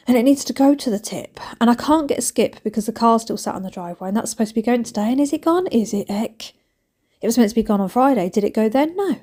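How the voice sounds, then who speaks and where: A woman's voice: fairly high pitch, a little mellow. Chatty woman vlogging her clean-up. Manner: chatty, self-mocking, rambling asides. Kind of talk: chatty voice-over while cleaning.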